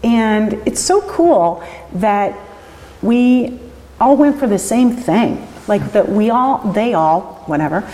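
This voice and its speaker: A middle-aged woman, interviewed for an oral history, talking in halting, restarting sentences and getting emotional. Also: mid-range voice, lively intonation, warm tone, in a large hall, poor audio. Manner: emotional, chokes up, laughs often. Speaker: interviewee, winery owner.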